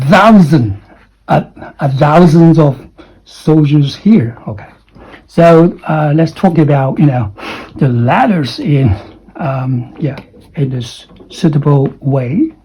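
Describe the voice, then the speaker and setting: Slow, husky-voiced male English teacher. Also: expressive, dark tone, low-quality recording. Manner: drills sounds by repeating them, with exaggerated rising and falling pitch; frequent "okay?" and "you know" check-ins. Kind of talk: pronunciation lesson.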